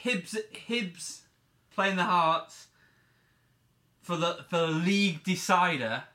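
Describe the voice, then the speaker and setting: Bright-voiced lively storytelling man. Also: high-pitched, slow pace. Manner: animated storytelling, swearing and laughing. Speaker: podcast co-host. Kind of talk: casual chat.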